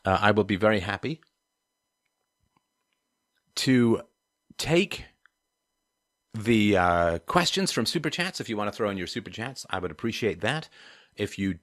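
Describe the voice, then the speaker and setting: A man's voice: fairly low pitch, lively intonation, unhurried, long pauses, a bit bright, no room sound, studio quality. A man hosting a livestream, answering chat questions in a digressive, wry way with frequent laughs. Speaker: livestream host. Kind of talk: livestream chat and donation appeal.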